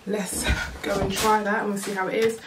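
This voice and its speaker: A woman's voice: mid-range voice, flat delivery, a little fast. A young woman from the UK chatting casually through a clothing try-on haul at home, rambling and playful. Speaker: fashion vlogger. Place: room at home. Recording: distant camera mic with background noise.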